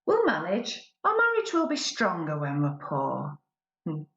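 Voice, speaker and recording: A woman's voice: lowish voice, wildly swooping pitch, a little slow, fairly bright tone, roomy sound, muffled recording, exaggerated voice. A woman performing a spoken word poem as a pampered newlywed woman who imagines being poor, sardonic and mock-cheerful.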